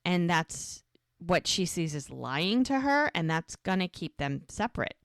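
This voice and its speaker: Woman podcast co-host, low voice, dry close sound, chatty scene-by-scene recap with quoted lines. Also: sing-song, unhurried, fairly bright tone, dry recording. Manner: retells scenes, quoting characters in a lightly raised voice. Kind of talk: casual recap chat.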